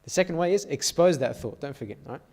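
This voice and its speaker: Youth speaker, male, slightly raised pitch; church sermon told through stories, keeps asking "all right?". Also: expressive, fast talker, darkish tone.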